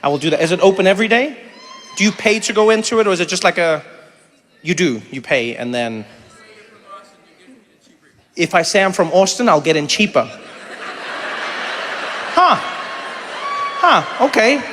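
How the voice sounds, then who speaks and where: A man's voice: sits high, lively intonation, fairly bright tone, big-room sound, slight background noise. A man doing playful, teasing crowd work as a stand-up comedian on a live stage. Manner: playful, teasing, quick asides.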